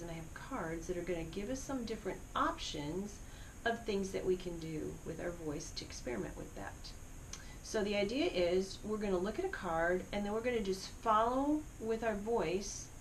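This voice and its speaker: A woman's voice: fairly low pitch, a little hiss or hum, poor audio. A middle-aged woman teaching a singing lesson, encouraging students as she explains vocal exercises. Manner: encouraging, demonstrating vocal slides. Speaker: music teacher.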